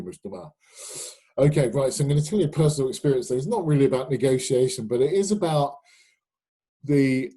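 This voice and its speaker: A man's voice: medium pitch, mellow, husky, poor audio. A middle-aged British man hosting a sales webinar, chatty and anecdotal, with many fillers and restarts. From United Kingdom. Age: middle-aged or older. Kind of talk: live webinar talk. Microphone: webinar microphone.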